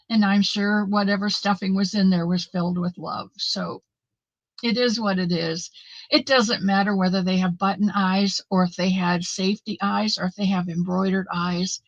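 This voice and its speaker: Speaking to her viewers in a motherly, faith-filled way, this middle-aged knitting livestream host has a medium-pitched voice. The audio is dry and lacks high frequencies. Her chat is casual, warm and sincere, aimed straight at her audience.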